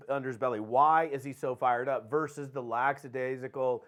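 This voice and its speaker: A man hosting a podcast, giving an energetic motivational training talk and acting out quick phone calls. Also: mid-range voice. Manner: animated, acts out phone calls with quick dialogue. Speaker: podcast host and network marketing trainer.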